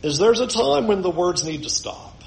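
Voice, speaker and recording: A man with a high voice preaches a sermon, talking to his listeners conversationally and slipping in joking asides. The room around him echoes noticeably. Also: big pitch swings, normal speed, vocal fry. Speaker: pastor.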